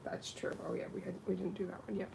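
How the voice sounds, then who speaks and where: A woman's voice: mid-range voice, fast talker, vocal fry, slight background noise, low-quality recording. A woman doing nails and chatting casually on a livestream while she works. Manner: chatty, with lively quoted voices. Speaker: nail technician.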